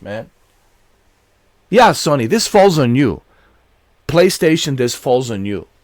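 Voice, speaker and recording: A man ranting angrily about video games, swearing constantly and breaking into shouts. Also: medium pitch, dry recording. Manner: profane, shouting in bursts. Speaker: gaming channel host. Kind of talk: angry rant commentary.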